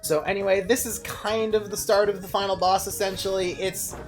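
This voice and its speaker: A man's voice: high-pitched, flat delivery, normal speed. Brief: young male streamer, rambling and profane, chuckling, faint game music underneath. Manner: rambling, profane, laughs often. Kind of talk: casual gameplay commentary.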